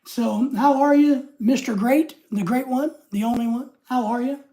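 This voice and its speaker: A man's voice: very high-pitched, normal speed, dark tone. An older man hosting a casual livestream, rambling as he reads viewers' comments aloud and greets them by name. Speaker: livestream host.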